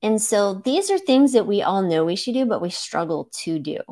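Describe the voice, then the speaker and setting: A woman's voice: medium pitch, sing-song, normal speed, warm tone. A middle-aged woman physician hosting a reflective solo podcast, talking earnestly and encouragingly with many "right?" checks and "um" fillers, at moments close to tears. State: emotional, near tears.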